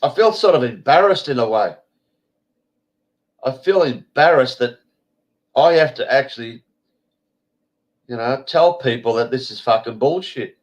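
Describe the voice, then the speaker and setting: With long pauses and a measured pace, an Australian online show host speaks in an expressive, mid-range voice that's stuffy and congested. He rambles casually, bluntly, and swears freely, all over dull lo-fi stream audio.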